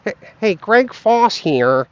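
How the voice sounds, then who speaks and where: A man's voice: sits high, big pitch swings, slow, dull audio, pitched above the performer's own voice, full character voice. A man putting on the voice of an earnest middle-aged family man who insists he's doing it for the kids.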